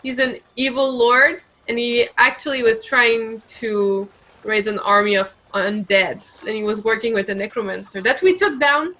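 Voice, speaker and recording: Bright, high-voiced woman player. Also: normal speed. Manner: chatty, playing her character in her own voice. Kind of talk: casual tabletop role-play.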